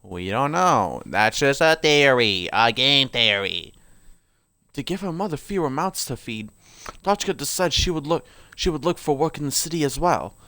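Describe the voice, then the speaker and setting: A man's voice: medium pitch, animated, normal speed, pushed and bright, no echo, studio quality. A man reading game character profiles aloud. He often stumbles and corrects himself, and breaks off into joking asides. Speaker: game video creator.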